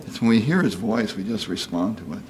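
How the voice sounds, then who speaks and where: A man's voice: fairly low pitch, expressive, brisk, slight background noise. A man in his sixties giving a conversational sermon, folksy and chatty, often asking "you know?" and acting out quoted voices. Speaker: preacher.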